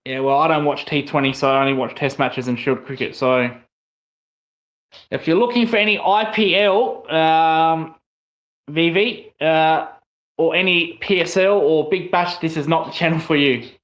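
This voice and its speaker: Excitable South Australian cricket streamer. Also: male voice, a little high, normal speed, highs cut off. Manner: excitable, rises sharply on wickets. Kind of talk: casual live watchalong commentary.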